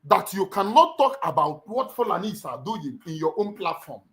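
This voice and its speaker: In a high, sing-song voice that's a bit bright, a middle-aged Nigerian man with a Nigerian accent hosts a livestream at a moderate pace. He gives an impassioned, preacher-style address, repeating lines for emphasis.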